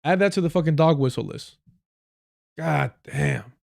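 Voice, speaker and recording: A man's voice: fairly high pitch, measured pace, creaky, a little mellow. A man hosting a live stream, reacting to clips in heated, sarcastic, profanity-laced commentary. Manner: heated, sarcastic, swears a lot. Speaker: livestream commentator.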